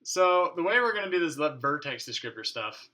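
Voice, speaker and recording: A man's voice: a little high, sing-song, brisk, pushed and bright. A man hosting a casual coding tutorial at his home desk, thinking aloud, muttering to his code and joking with mild swearing. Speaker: programming tutorial host. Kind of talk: casual screencast coding walkthrough.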